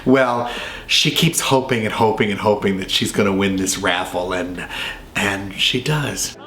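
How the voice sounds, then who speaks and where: Brief: talkative male movie-review host, lowish voice, in a roomy echoing space. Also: unhurried, fairly bright tone. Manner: chatty, enthusiastic, rambling asides. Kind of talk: casual film commentary. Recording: roomy echo, faint ambience.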